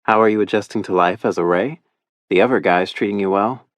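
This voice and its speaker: A man reads a romance audiobook in the first person with a wry, easy storytelling manner. His voice sits very low and the studio sound is bone dry and close. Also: brisk, dry recording. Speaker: audiobook narrator.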